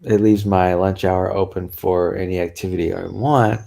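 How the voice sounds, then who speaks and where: Low gravelly-voiced man chatting casually. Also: steady tone, moderate pace, warm tone. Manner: chatty, rambling, with frequent laughs and sighs. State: tired, yawning. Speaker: vlogger. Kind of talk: casual chat to camera.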